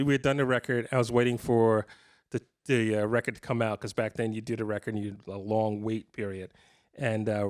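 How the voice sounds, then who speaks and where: A man in his fifties telling rambling, self-deprecating stories at a guitar clinic, with many restarts. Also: mid-range voice. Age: 50s. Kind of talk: casual storytelling to a live audience. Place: guitar shop clinic room.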